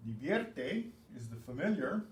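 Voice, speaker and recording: A man teaching a Spanish grammar lesson, explaining step by step and clearing his throat often. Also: a little high, big pitch swings, a little slow, distant mic. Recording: echoey room with faint background hum.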